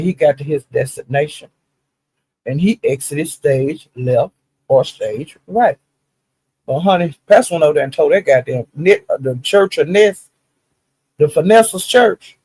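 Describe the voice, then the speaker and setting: A man's voice: fairly high pitch, darkish tone, slightly rough, no echo. A man telling gossip casually and with animation, full of profanity, often calling out "honey" and "child.". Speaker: commentator recapping online live-stream drama.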